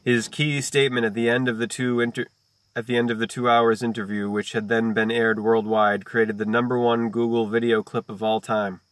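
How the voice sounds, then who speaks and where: A man hosting a video who reads a book aloud, breaking off for slow, deliberate wordplay and chant-like lists. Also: mid-range voice, flat delivery, no echo. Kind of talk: reading aloud mixed with free-associating musings.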